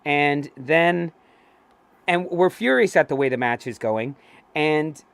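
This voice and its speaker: A man co-hosting a casual fan talk show, telling stories excitedly, swearing freely and acting out what people said. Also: on the high side, slow, vocal fry, dry recording. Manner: excitable, swears freely, acts out quoted voices. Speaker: co-host. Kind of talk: casual chat, animated storytelling.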